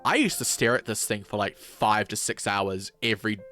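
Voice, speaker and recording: A man's voice: fairly low pitch, lively intonation, normal speed, pushed and bright, soft background music. A man in his twenties with a New Zealand accent, chatting casually on a game stream, rambling and swearing often. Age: 20s.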